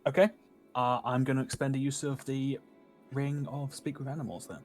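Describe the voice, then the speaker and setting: A man's voice: medium pitch, little pitch movement, normal speed, faint music behind. A man playing in a tabletop game, hesitant and repeating words as he starts. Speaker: player. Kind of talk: casual chat at a tabletop game.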